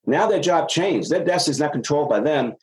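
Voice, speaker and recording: Man, business consultant, casual advice talk, animated storytelling. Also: a little high, quick pace, low-quality recording. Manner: animated storyteller acting out dialogue.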